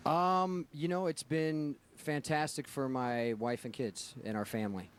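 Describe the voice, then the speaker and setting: A man's voice: a little high, steady tone, measured pace, slight background noise. A man from Ohio, an actor guest, answering questions in an easygoing, jokey way. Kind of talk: casual interview answers.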